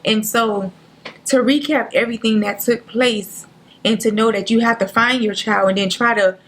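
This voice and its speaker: A woman, a guest on a talk show, telling a painful personal story in an earnest, halting way, near tears, acting out what others said. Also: a little high, steady tone. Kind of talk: emotional personal story in interview.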